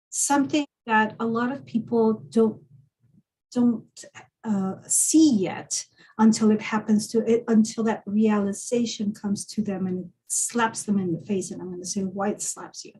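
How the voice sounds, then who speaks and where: Woman on a video call, kinda high mellow voice, thinks out loud, lots of restarts. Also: rough recording. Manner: reflective storyteller, many restarts. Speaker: guest. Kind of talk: casual conversation.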